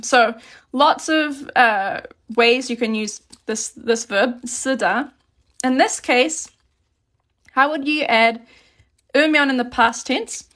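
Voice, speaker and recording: A woman teaching a relaxed, chatty live grammar lesson and reading out questions from chat as she writes on paper at her desk. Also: fairly high pitch. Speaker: Korean language teacher.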